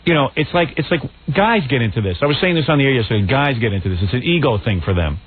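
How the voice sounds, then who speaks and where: A man hosting a radio show, chatting in a teasing, opinionated and animated way. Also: mid-range voice, quick pace, slightly rough. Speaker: radio host. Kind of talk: casual radio banter. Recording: tinny radio broadcast with crowd.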